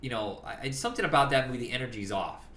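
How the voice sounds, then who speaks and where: Animated bright-voiced man in an echoey room. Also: medium pitch, racing. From Indiana, USA. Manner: animated, profane, quotes movie lines in funny voices. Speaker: podcast co-host. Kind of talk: casual movie chat.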